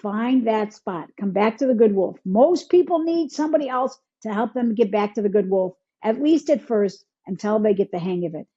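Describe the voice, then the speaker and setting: A woman's voice: mid-range voice, animated, normal speed, few pauses, warm tone, husky. A woman from Michigan, a healer and coach, speaking in an interview and acting out inner self-talk in quoted voices. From Michigan, United States. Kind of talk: conversational interview. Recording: dull lo-fi sound.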